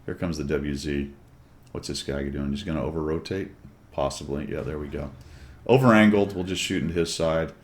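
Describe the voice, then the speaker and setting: A man's voice: very deep voice, moderate pace. A man commenting on his own tank gameplay in a chatty, wry way, with jokey asides to viewers.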